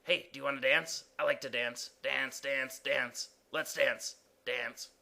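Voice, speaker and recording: A man voicing a dull male period character who speaks flatly and keeps asking to dance. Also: measured pace, gravelly, exaggerated voice. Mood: deadpan. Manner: flat, deadpan, low. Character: dull low-voiced male period who loves dancing.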